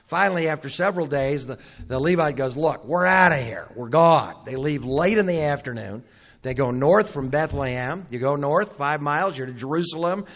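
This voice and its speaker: A man delivering a teaching sermon, retelling a Bible story to a live audience. His voice sits slightly high for a man, and he talks in a conversational way. He asks the room questions and briefly acts out the people in the story. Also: a little fast. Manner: conversational storyteller who acts out the characters' lines; asks the audience questions and adds wry asides. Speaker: Bible conference speaker.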